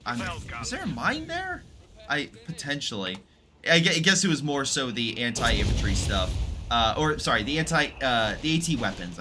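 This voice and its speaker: A man in recovery from an illness commentates casually on a strategy game replay, rambling and chatty with many fillers and self-corrections. His voice is mid-range, and background noise can be heard.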